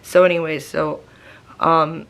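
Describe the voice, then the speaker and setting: A woman's voice: deep voice, little pitch movement, slow, creaky. Chatty woman vlogging from home. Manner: chatty, rambling, many fillers. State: recovering from a migraine. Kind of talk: casual chat to camera.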